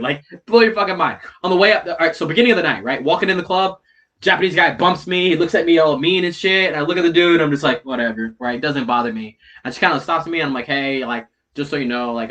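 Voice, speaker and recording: Bright-voiced man telling a wild story. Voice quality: heavy swearing, slangy, repeats "right?" and "bro". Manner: animated, swings from loud retelling to low mutters. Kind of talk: casual storytelling chat.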